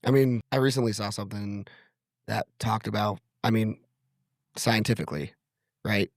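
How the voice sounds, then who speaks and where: A man's voice: fairly low pitch, fairly even intonation, normal speed, dry recording, studio quality. A man hosting a podcast, musing in casual chat with an offhand, swearing manner. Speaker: podcast host.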